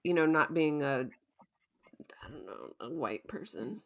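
A woman's voice: deep voice, big pitch swings, a little slow, gravelly. A woman hosting a casual podcast, chatty and laughing often as she recaps a show and acts out quotes. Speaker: podcast host.

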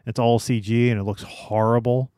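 A man co-hosting a podcast in casual chat, critical and a bit halting, swearing freely. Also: medium pitch, little pitch movement, mellow, smooth, no room sound, studio quality.

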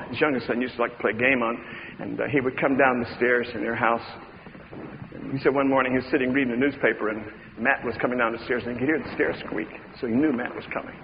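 A man preaching a sermon, telling stories with dramatic swings from hushed tones to shouts. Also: medium pitch, steady tone, fairly quick, slight background noise. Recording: dull reverberant hall recording.

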